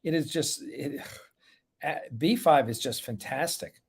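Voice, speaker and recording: A man's voice: a little high, a little slow, vocal fry, husky. Chatty man hosting a live stream. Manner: chatty, greets viewers by name, rambling asides. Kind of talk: casual live-stream chat.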